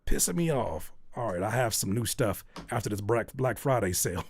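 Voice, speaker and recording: Animated man hosting a music critique stream. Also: fairly low pitch, moderate pace, breathy edge. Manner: animated, exasperated ranting with jokes. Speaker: music critique show host. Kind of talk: livestream music feedback, casual and comedic.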